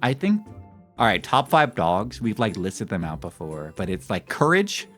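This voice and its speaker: A man in his thirties with a low-pitched voice rambles casually to his stream viewers. His pitch swings widely as he gets animated and laughs along with his own stories. Soft music plays faintly behind him. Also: moderate pace. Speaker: live streamer.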